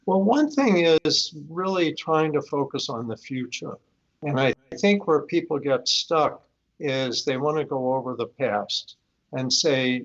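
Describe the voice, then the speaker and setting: An older man, a guest expert, calmly explaining and telling case stories in a live-streamed interview. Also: on the high side, a little slow. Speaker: guest expert on high-conflict divorce. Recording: dull lo-fi stream audio.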